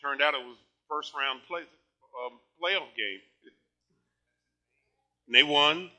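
An older man preaching a sermon, animated and laughing often, moving between shouted praise and quiet storytelling. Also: on the high side, slow pace, low-quality recording. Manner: laughs often while talking.

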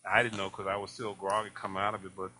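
Speaking fast in a lowish voice, a pastor preaches animatedly, firing rhetorical questions at the congregation and acting out conversations with laughter.

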